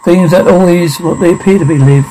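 A curt, cryptic middle-aged occult investigator, played by a man in an amateur audio drama. The voice is mellow and warm, a little high for a man. He talks in clipped, knowing statements. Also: brisk, a little hiss or hum, natural voice, low-quality recording.

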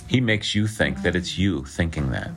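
A man's voice: low-pitched, animated, moderate pace. A man giving a conversational sermon, often checking in with listeners and restarting his sentences. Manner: conversational preaching with restarts and frequent "okay?" checks. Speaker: preacher.

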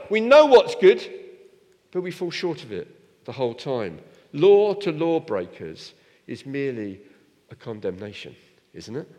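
A man preaching a sermon in a church, lively and direct, asking his congregation rhetorical questions. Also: on the high side, long reverb tail.

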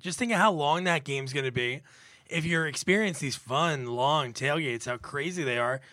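Guy riffing in a podcast debate, highish voice, super dry close sound. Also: moderate pace, sharp tone, no echo. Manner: jokey, builds scenarios to argue his case. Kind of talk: casual argumentative banter.

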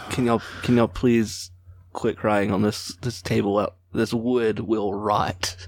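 A man's voice: fairly low pitch, steady tone, slow pace, slightly rough. A man chatting casually on a podcast, dropping dry wisecracks. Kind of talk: casual comedic chat.

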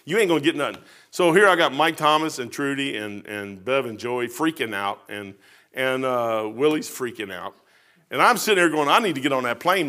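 A middle-aged preacher man with a high, bright voice, spinning a folksy sermon story. His grammar is casual and homespun, and he talks with lively animation, sometimes dropping low and sometimes rising.

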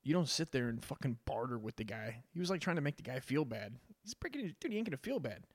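Man, podcast host, profane rambling monologue, keeps saying dude, mid-pitched voice, dry close sound. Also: big pitch swings, fast talker, husky, no echo. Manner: crude, rambling, says "dude" constantly.

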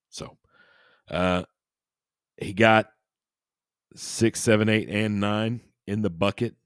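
A man with a low voice hosts a paranormal podcast, retelling a strange story in a goofy, irreverent way. He rambles into jokes and asides. The sound is dry and close to the mic. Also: fairly even intonation, slow pace, pauses often, clear, resonant tone, no room sound. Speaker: podcast host.

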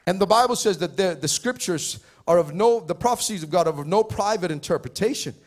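A male pastor preaching a sermon, stammering and repeating words, building to shouted fervor. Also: high-pitched, expressive, brisk. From Pacific Islands. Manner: repetitive stammering restarts, rising to shouting fervor.

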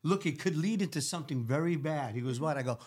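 Brash New York Italian man, higher voice, guest telling lively stories. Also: quick pace, husky. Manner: animated, acts out quotes, swears freely. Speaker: celebrity hair stylist guest. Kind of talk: casual storytelling chat.

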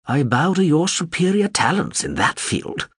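A man's voice: medium pitch, wildly swooping pitch, a little slow, a bit bright, breathy edge, no echo, pitched above the performer's own voice, exaggerated voice. A man voicing an ancient, dry-witted old drone that speaks in a wry, sardonic way. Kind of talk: audiobook character voice.

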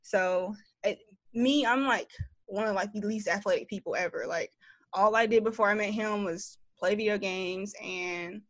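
A young woman guest in a casual interview, chatty and animated, full of "like". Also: medium pitch, moderate pace, no echo. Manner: chatty, lots of "like", animated storytelling.

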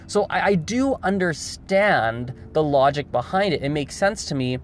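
A man's voice: on the high side, expressive, normal speed, few pauses, slight background noise. A man talking straight to camera in a casual opinion monologue, emphatic, repeating words and restarting sentences often. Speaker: video host.

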